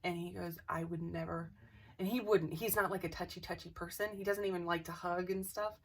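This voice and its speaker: A woman's voice: lowish voice, fast talker, recorded from a distance, a little hiss or hum. A woman casually telling a personal ghost story to camera, rambling and acting out what people said. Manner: animated, rambling, acts out quotes.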